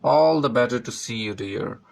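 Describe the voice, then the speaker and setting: A man's voice: medium pitch, moderate pace, creaky, natural voice. A man voicing a scheming, sly old male wolf in a storybook reading, gloating as he plots. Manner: chuckling, gloating.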